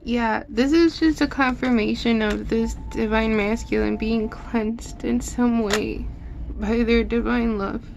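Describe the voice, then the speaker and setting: A woman's voice: a little high, steady tone, measured pace, vocal fry, a little mellow, slight background noise. A woman giving a casual tarot reading in a loose, emotional way, swearing often and saying "like" a lot. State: teary at times. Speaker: tarot reader.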